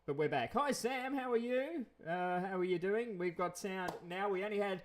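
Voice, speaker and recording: A man's voice: sits high, normal speed, a little hiss or hum. A man hosting a casual live stream, out of breath from the flu, rambling with many fillers and restarts. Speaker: channel host.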